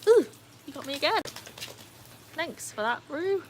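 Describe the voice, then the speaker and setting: A woman's voice: sits high, lively intonation, a little slow, a little hiss or hum, low-quality recording. A woman chatting casually on a live stream at home, reading out viewer comments. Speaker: livestream host. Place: home, beside a backyard pool.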